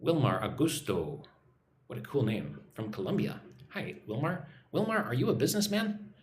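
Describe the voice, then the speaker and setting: Lively American man teaching English live. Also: medium pitch, moderate pace, echoey room, a little hiss or hum. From United States. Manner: upbeat, reads viewer names aloud, models phrases to repeat. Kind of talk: casual live-stream lesson, reading chat comments. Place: home in a Vietnamese city.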